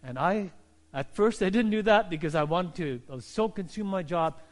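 A middle-aged male pastor preaching a sermon, moving from calm teaching to loud, fervent exhortation. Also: high voice, moderate pace.

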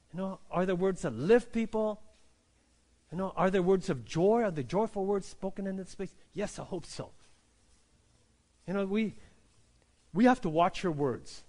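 High-voiced man preaching a sermon. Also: a little mellow. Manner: conversational preaching, frequent "right?" and "you know" tags, repeated restarts. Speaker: pastor.

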